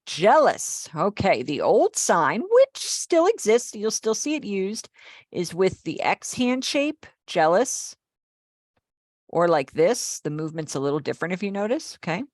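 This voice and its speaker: A woman's voice: mid-range voice, big pitch swings, unhurried, a little mellow, dry recording, studio quality. A middle-aged woman teaching a live online class, explaining patiently and checking in with her students. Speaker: sign language teacher.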